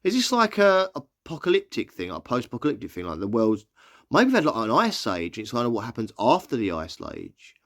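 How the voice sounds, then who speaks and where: Lively chatty man. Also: medium pitch. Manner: chatty, reads out listings haltingly and reacts. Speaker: movie vlogger. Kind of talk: casual reaction commentary.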